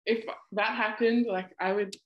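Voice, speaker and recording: A woman's voice: mid-range voice, steady tone, unhurried, lo-fi sound. A young woman with an Australian accent, a college basketball player chatting casually as a podcast guest and laughing often. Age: young adult.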